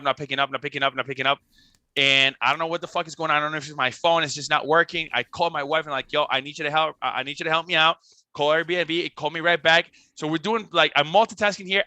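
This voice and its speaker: A young man from Costa Rica, a band member telling a tour story in a casual, animated way, full of "like" and restarts. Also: on the high side, clear, resonant tone, no echo. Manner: animated, swearing, lots of "like" and restarts. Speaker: band member, podcast guest.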